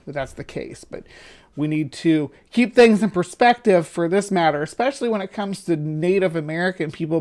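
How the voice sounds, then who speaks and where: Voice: mid-range voice, darkish tone. Rambling livestream host commenting. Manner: rambling, corrects and qualifies points. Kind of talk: casual commentary reacting to a video.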